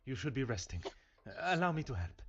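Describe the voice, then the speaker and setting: An actor playing a fussy, formal Belgian detective in a game. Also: male voice, mid-range voice, big pitch swings, fairly quick, fairly bright tone. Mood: polite. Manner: formal, precise and stern. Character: fussy middle-aged male Belgian detective. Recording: dull lo-fi game audio.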